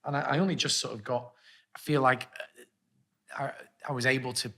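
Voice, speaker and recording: A man co-hosting a casual pub podcast, jokey and quick to interject and tease. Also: medium pitch, steady tone, pushed and bright. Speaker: podcast co-host.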